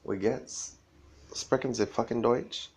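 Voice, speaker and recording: Gravelly man rambling with profanity. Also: medium pitch, steady tone, a little slow, a little mellow. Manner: rambling, profane, laughs often.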